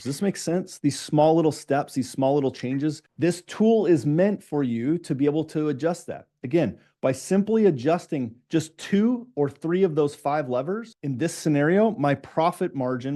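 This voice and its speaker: Fast-talking male business coach, mellow voice. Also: on the high side. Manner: fast-talking, asks the audience questions. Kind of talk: live online coaching session.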